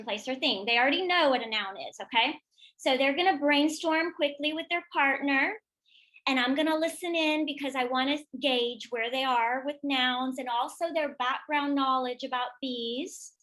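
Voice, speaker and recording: A woman's voice: high voice, bright, forceful tone. A woman giving a professional development talk to teachers, demonstrating classroom vocabulary routines and call-outs. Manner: models classroom chants and call-outs with bursts of energy. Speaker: teacher trainer.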